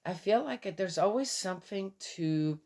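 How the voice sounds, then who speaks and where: A woman's voice: mid-range voice, lively intonation, moderate pace, darkish tone. A woman in her fifties, a little tired, chatting casually in a morning vlog, rambling and chuckling often. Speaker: vlogger.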